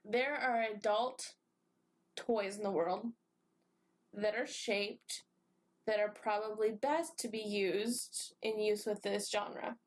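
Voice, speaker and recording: A woman co-hosting a casual podcast chat, goofy and quick to apologize, with jokey asides. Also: medium pitch, steady tone. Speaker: podcast co-host.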